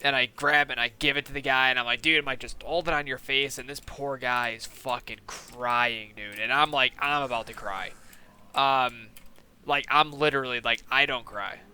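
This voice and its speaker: A young man and gaming channel host telling a story in casual, animated, profane style, full of fillers and quoted lines. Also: mid-range voice, normal speed, smooth.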